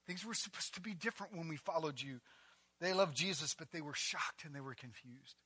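A man preaching a sermon as a pastor, delivering it with passion and building up to near-shouting on emphatic passages. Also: a little high, a little fast, slightly rough, no echo.

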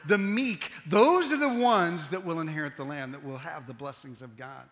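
High, bright-voiced man preaching in a hall. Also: moderate pace, few pauses. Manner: swings from loud emphatic preaching to quiet intense asides. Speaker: pastor. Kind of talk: sermon. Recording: long hall reverb.

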